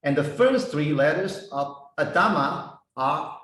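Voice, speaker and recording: A man teaching a Bible lesson, slowly spelling out Hebrew words and their meanings one by one. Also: fairly high pitch, expressive, fairly bright tone. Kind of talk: slow explanatory lesson. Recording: echoey room, voice heard from a distance.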